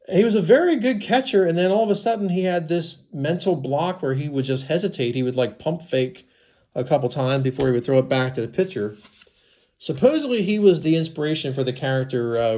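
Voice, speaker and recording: A man with congested sinuses, unboxing baseball cards in casual commentary, reading names slowly with chatty asides. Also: on the high side, a little mellow.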